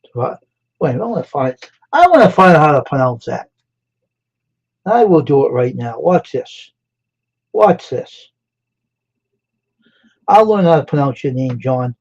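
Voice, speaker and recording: A man's voice: on the high side, sing-song, measured pace, long pauses. A man hosting a casual live stream, chatting with viewers by name and asking them questions. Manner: chatty, greets and quizzes chat viewers by name. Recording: dull lo-fi sound.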